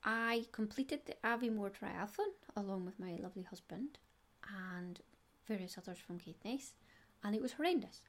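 A woman's voice: medium pitch, moderate pace, hardly any pauses. A middle-aged Scottish woman hosting a knitting podcast, chatty and digressive with giggles. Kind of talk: casual solo podcast chat.

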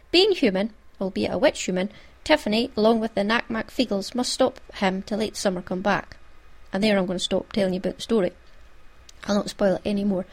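A woman with a Scottish accent hosting her own podcast in a chatty, homely way, full of little asides. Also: mid-range voice. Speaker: podcast host. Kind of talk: casual podcast chat.

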